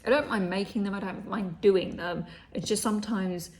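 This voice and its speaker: Chatty and unfiltered, this young vlogger swears as she tells her story, performs other people's lines, and frequently slips into a whisper. She talks at a normal speed in a steady, mid-range voice, and there's slight background noise.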